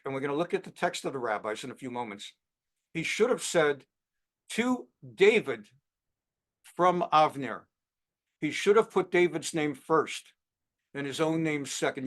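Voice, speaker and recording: A man's voice: fairly high pitch, a bit bright. A middle-aged man teaching a Bible class as a rabbi, talking conversationally and acting out little quoted exchanges between people. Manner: conversational, acts out quoted exchanges, many fillers. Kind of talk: lively classroom lecture.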